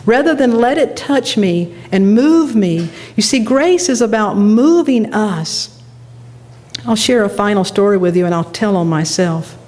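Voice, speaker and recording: A middle-aged woman minister delivering a sermon, telling a personal story with animated delivery and laughing at herself. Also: mid-range voice, measured pace.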